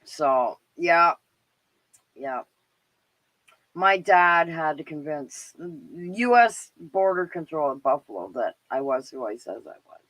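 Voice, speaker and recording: Bright-voiced Canadian woman chatting casually. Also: low-pitched, animated, slow, no echo, poor audio. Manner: rambling and chatty, with many fillers and frequent laughs. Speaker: livestream show host. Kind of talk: casual live-stream chat.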